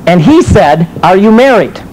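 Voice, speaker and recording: A high-pitched American man, a teacher and minister, preaches and teaches a sermon at normal speed with animated storytelling and rhetorical questions. The low-quality recording carries slight background noise.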